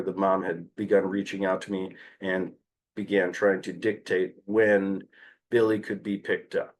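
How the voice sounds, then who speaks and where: A man's voice: lowish voice, slight background noise. A man presenting a training session on behavior analysis, talking conversationally with hesitant fillers and light humor.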